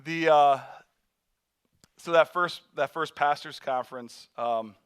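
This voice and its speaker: A man telling a mission story in a sermon, animated, acting out voices and laughing often. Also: on the high side, slow pace, clean tone.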